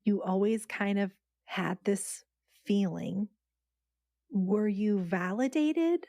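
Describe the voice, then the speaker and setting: A woman hosting a podcast and gently asking sympathetic questions. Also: medium pitch, slow pace, no echo, clean studio sound. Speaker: podcast host. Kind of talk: interview questions.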